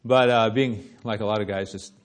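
A man preaching a sermon, telling a story with lively rises and hushed drops. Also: fairly low pitch, moderate pace.

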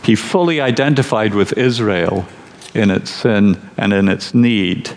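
A man preaching a sermon, teaching slowly and with emphasis in a measured delivery. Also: on the low side, long reverb tail.

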